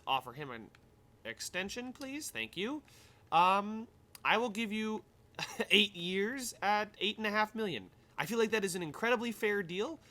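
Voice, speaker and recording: A man's voice: fairly high pitch, bright, forceful tone. A young man giving casual game commentary, thinking aloud and rambling with many fillers as he plays. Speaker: gaming YouTuber.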